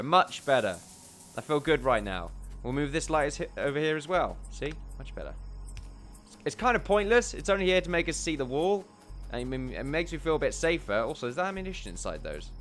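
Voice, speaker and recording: A man talks his way through a video game in loose, rambling let's play commentary, full of jokey asides. His voice sits at an ordinary middle pitch for a man. Faint music plays softly behind him. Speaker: gameplay commentator.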